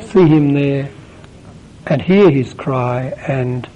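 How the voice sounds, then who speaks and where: A man preaching a sermon, asking the listeners question after question and swelling louder on key words. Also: medium pitch, slow pace, slight background noise, low-quality recording.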